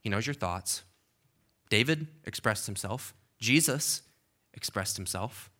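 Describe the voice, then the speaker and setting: A man's voice: lowish voice, lively intonation, unhurried, pushed and bright. A man preaching a sermon as pastor in a church, conversational and emphatic, often checking in with the congregation. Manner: conversational, emphatic, with frequent okays and restarts.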